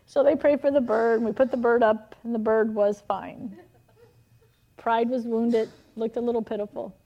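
A woman's voice: a little high, normal speed, muffled recording. Laughing woman preacher telling stories. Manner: animated storytelling with frequent laughter. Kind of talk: sermon with personal stories.

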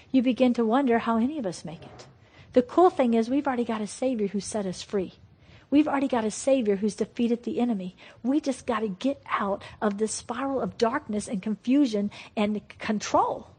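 A woman preaching in a sermon-style teaching, with a somewhat high, slightly husky voice. She is emphatic and lively, and her delivery swings between loud bursts and quiet asides. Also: brisk. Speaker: Christian teacher.

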